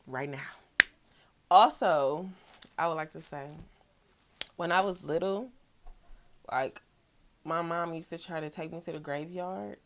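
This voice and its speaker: A woman's voice: lowish voice, measured pace, pauses often, a little hiss or hum. A young woman speaks straight to camera in a personal vlog. Her talk is candid and emotional. She swears freely and circles back over the same phrases. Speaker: vlogger.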